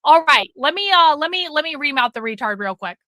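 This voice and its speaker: A bright, high-voiced woman runs a live stream, animated and fairly quick as she casually and bluntly nags her chat with plenty of profanity. Her voice is recorded close and dry, with no echo.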